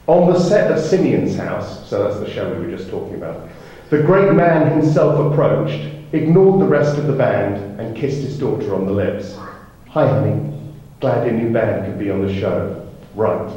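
A man's voice: fairly low pitch, lively intonation, normal speed, dark tone, very echoey, highs cut off. A man, the author and songwriter, reading a passage from his book on stage. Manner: reads a passage, then sings his song.

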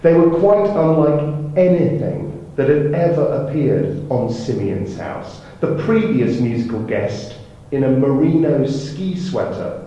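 A man's voice: on the high side, sing-song, measured pace, warm tone, heavy reverb, lo-fi sound. A man, the author and songwriter, reading a passage from his book on stage. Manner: reads a passage, then sings his song.

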